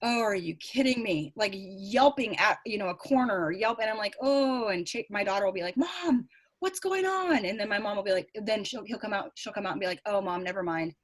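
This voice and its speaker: A woman's voice: medium pitch, fast talker, hardly any pauses. A middle-aged woman, a psychic medium guest, chatting and telling stories in a casual interview. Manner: chatty, animated storytelling with laughs.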